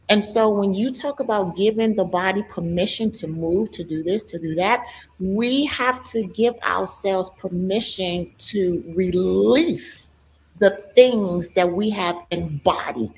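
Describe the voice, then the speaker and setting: A woman's voice: mid-range voice, unhurried, slight background noise, rough recording. Affirming woman coach on a video call. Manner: affirming, gives frequent murmured agreement. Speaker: host and coach. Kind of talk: casual interview chat.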